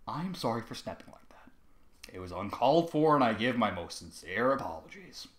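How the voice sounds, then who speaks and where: A man voicing a volatile, foul-mouthed middle-aged human man who lurches between shouted threats and false politeness. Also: mid-range voice, wildly swooping pitch, moderate pace, roomy sound. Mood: mock-polite. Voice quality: explosive shouting, profane threats.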